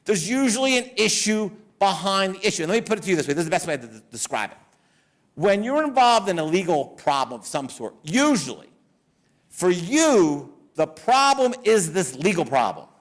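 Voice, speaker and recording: Speaking to business owners at a seminar, a middle-aged attorney whose voice sits high spins lively stories. He performs the quotes as he tells them.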